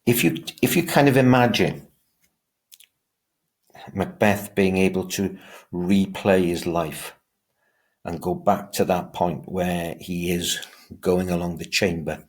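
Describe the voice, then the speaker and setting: A man with a very deep, low voice lectures as a teacher. He speaks with emphasis and often stumbles into restarts, repeating words before pressing his point. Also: steady tone, slow, long pauses. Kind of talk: revision lecture.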